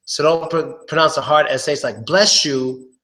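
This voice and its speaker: A man giving a casual live-streamed pronunciation lesson. He repeats words slowly and curses offhandedly. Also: on the high side, a bit bright. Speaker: English pronunciation tutor.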